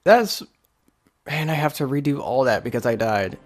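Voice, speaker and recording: A man's voice: mid-range voice, a little fast. Rambling man narrating his gameplay. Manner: rambling, frustrated, many filler words. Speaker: let's play YouTuber. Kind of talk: casual gameplay commentary.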